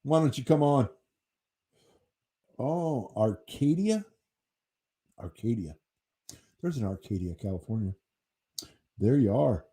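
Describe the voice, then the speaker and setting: Slow, husky American man chatting. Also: mid-range voice, expressive, mellow. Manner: rambling, easygoing, swears casually. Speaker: channel host reading chat. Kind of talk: casual livestream chat.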